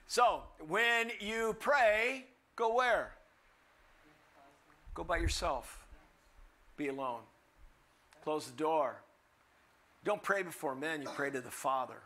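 An older man delivers a sermon with a bright, forceful tone. He preaches in an animated way, with humorous asides, and slips into the voices of the people he quotes. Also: fairly high pitch, slow pace, long pauses. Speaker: guest preacher.

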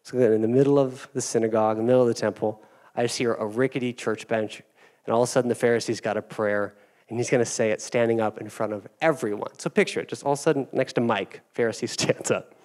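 A man's voice: medium pitch, steady tone, fast, a little mellow. A male pastor preaching a sermon in a joking, self-deprecating way.

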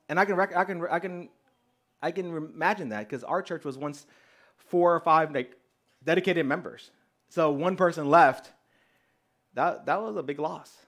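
A man preaching as a pastor, telling a personal story in an animated way and acting out the dialogue. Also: fairly high pitch. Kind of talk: storytelling sermon.

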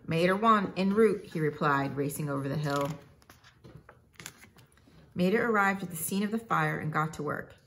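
A woman reading a children's storybook aloud in a measured, expressive way. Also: deep voice, a little hiss or hum. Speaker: narrator.

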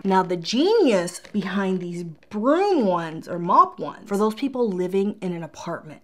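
A woman's voice: mid-range voice, a little hiss or hum. A woman vlogger who grew up in Puerto Rico, reviewing store products in a gushing, chatty way and talking straight to her viewers, with a Southern American accent slipping in. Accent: Southern American slips in. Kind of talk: casual product review vlog.

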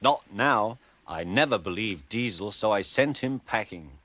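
A man voicing a stern but kind male railway boss who speaks in a measured, authoritative way in a storybook reading. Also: on the low side, expressive. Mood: firm kind.

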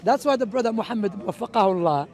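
A man's voice: high-pitched, expressive, fast, darkish tone. A man, a street preacher, arguing emphatically in an impromptu outdoor debate, mixing in religious Arabic phrases. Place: outdoors in a city park.

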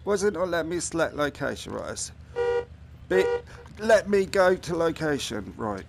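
A man's voice: fairly high pitch, sing-song, normal speed, vocal fry, noisy background. A man giving casual, chatty gameplay commentary; he swears freely and often mutters to himself. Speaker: gaming commentator.

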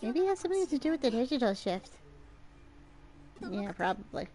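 A woman's voice: on the high side, big pitch swings, brisk, mellow. A young woman streaming a game, reading its dialogue aloud in different voices and adding casual comments of her own. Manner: reads dialogue in several voices between casual asides.

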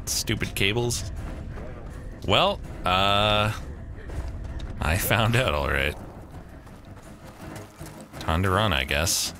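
A man with a low voice gives casual live-stream commentary while he plays. His delivery is wry and joking, moves up and down in pitch, and breaks into easy laughs. Game music plays clearly behind him. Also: animated, drawn-out words, pauses often.

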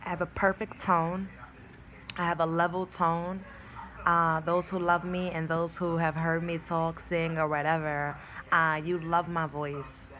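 A woman's voice: fairly low pitch, level tone, a little slow, a bit bright, slight background noise. A woman vlogging from her new home, brash and sassy, who swears freely and laughs mid-sentence. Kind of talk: casual talk to camera.

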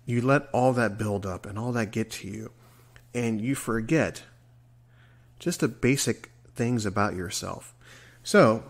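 A man's voice: lowish voice, unhurried. A man in his forties hosting a solo podcast, earnest and rambling, sometimes stumbling over his words. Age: 40s. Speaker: podcast host. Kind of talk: reflective solo podcast monologue.

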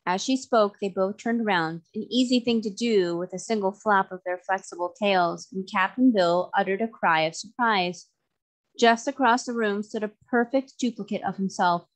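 A woman narrating a children's novel in a clear, measured, expressive reading voice. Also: mid-range voice. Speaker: story reader.

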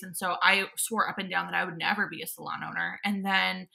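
A woman's voice: on the low side, steady tone, fairly quick, creaky, bright, forceful tone. A woman, a salon owner chatting casually in a goofy, rambling, giggly way. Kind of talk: casual chat.

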